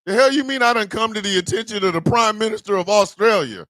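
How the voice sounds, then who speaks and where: High-voiced, lively male show host. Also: fast talker, few pauses, dry recording. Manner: animated, exclaiming, slangy reactions. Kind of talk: casual live show chat.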